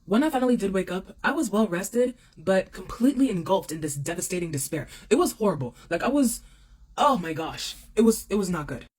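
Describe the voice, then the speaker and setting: Young adult woman, casual storyteller, expressive, repeats lines for emphasis. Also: mid-range voice, brisk, slightly rough.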